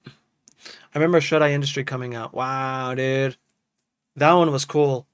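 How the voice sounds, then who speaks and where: A man's voice: mid-range voice, fairly even intonation, measured pace, clean tone, dry recording. Casual man, dry close mic, "dude" talk. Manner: loose and enthusiastic, says "dude" a lot. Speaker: music producer streaming to chat. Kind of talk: casual live-stream chat.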